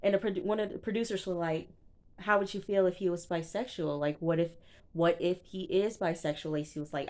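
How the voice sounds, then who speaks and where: A young woman with a low voice chats through a reality show recap. She retells each scene in a loose, animated way and acts out what the people said. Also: fairly quick. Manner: chatty, animated retelling with quoted reactions. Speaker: TV show reviewer. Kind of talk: casual recap commentary.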